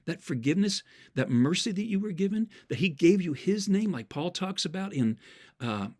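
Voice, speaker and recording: A man's voice: sits high, lively intonation, moderate pace, darkish tone, slightly rough. A man giving an earnest, sermon-style talk, telling stories and citing scripture verses from memory, repeating key words for emphasis. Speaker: Christian speaker.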